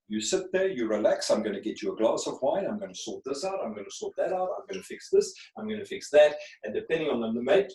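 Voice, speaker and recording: A man's voice: lowish voice, darkish tone. Guy running a zoom class, keeps asking does that make sense, roomy echo on the call. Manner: checks in often with rhetorical questions. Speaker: communication skills trainer. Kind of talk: teaching an online class. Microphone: video call. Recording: echoey room over a video call.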